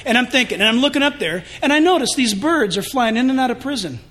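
A male pastor preaching a sermon in an animated, joking and confessional way. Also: very high-pitched, fast talker.

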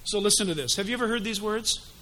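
A man preaching an animated, emphatic sermon with dramatic delivery. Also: sits high, fast talker.

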